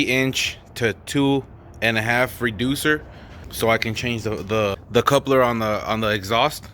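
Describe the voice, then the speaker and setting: A man's voice: mid-range voice, normal speed, a bit bright, faint music behind. A man chatting casually and rambling with lots of swearing as he vlogs his own car exhaust repair, mocking himself along the way. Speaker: DIY car vlogger. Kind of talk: casual vlog narration while working on a car.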